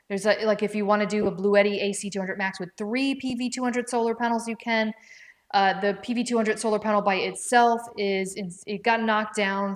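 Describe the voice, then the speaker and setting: A woman hosting a casual live stream from home, chatting with viewers by name and thinking aloud as she checks prices. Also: medium pitch. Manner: chatty, talks to viewers by name and reads out comments. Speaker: livestream product presenter. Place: indoors at home with her dog.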